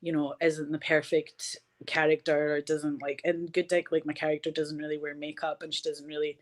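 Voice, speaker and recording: A woman's voice: deep voice, moderate pace. A woman with a Glasgow accent, a film director and actor, chatting animatedly as an interview guest. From Scotland. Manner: animated, chatty, many "like"s and "do you know what I mean". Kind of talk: casual interview chat.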